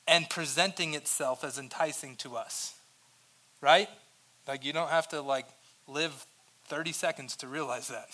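A man preaching a sermon as pastor, energetic and conversational, swinging between loud emphatic lines and quiet asides, joking with the congregation. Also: fairly high pitch.

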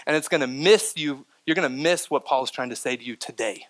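A man preaching to his church as pastor, a lively sermon with rising emphasis and asides to the congregation. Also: mid-range voice, brisk. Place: church sanctuary.

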